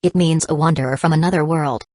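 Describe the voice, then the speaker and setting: A woman's voice: low-pitched, steady tone, quick pace, mellow, no echo. A woman voicing a small floating fairy-like girl companion who proudly speaks of herself by name, in a storybook reading.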